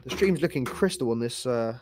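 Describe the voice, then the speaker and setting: A young man hosting a live football reaction stream, casual and sweary, his voice hoarse from shouting. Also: mid-range voice, animated, a little fast, a little hiss or hum. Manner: casual, sweary, slangy, talks to chat. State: losing his voice. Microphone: streaming setup with camera.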